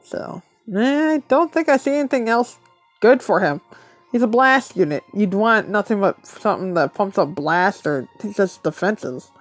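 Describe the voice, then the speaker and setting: A woman's voice: mid-range voice, lively intonation, moderate pace, soft background music. A woman thinking aloud as she plays a mobile game, muttering to herself and laughing often in casual commentary.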